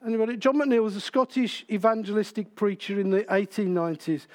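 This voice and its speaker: A man's voice: high voice, brisk. A man preaching a sermon in church, in a conversational way, asking the congregation questions.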